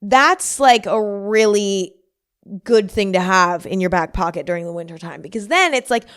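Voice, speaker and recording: Young woman podcast host, casual chatty monologue, mid-pitched and smooth, acts out her inner voices. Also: animated, normal speed, fairly bright tone. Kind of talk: casual solo podcast chat.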